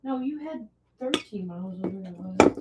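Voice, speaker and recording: A woman's voice: mid-range voice, lively intonation, normal speed. A woman at home answering offhandedly from across the kitchen. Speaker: family member at home. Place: home kitchen, away from the mic. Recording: roomy, distant, noisy phone audio.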